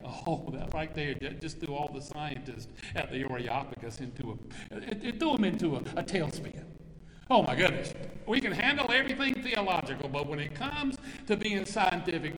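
Lively preaching man, echoey hall. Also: fairly high pitch, a little slow. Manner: lively, storytelling delivery with dramatic drops to a whisper. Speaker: pastor. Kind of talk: sermon. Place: church. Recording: echoey hall with faint background noise.

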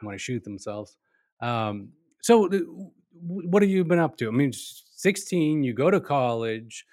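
A man's voice: a little high, lively intonation, a little slow, a little mellow, no room sound. Friendly man hosting a podcast, dry sound. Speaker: podcast host. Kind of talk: casual interview chat.

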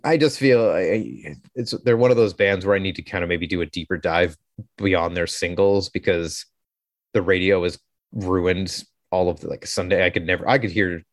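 A man's voice: low voice, normal speed, no room sound, studio quality. A man in his thirties with a Canadian accent, co-hosting a podcast in casual, rambling, jokey chat. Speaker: podcast co-host.

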